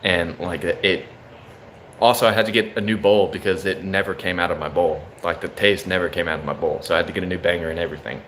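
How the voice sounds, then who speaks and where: Young man, low voice, casual swearing storyteller, faint hiss behind. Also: steady tone, quick pace, fairly bright tone. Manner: loose, profane, says bro a lot.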